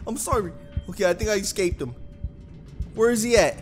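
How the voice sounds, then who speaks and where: A man giving excitable gameplay commentary as a gaming YouTuber, yelping and screaming when scared. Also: music in the background. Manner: rapid high-pitched panicky exclamations.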